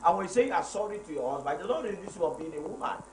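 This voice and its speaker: Pastoring a live marriage program, a middle-aged man reads out viewer comments and hammers his points home, repeating key phrases in a preacherly way. His high voice races along with lively intonation and a slightly mellow quality, recorded in an echoey room with faint noise.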